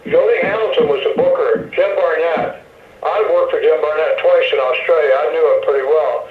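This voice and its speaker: A man's voice: fairly high pitch, normal speed. A man in his seventies, a retired wrestler, telling rambling stories as an interview guest and acting out quoted voices. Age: 70s. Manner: rambling anecdotes with restarts, acts out quoted voices. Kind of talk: phone interview storytelling. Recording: tinny echoey phone line.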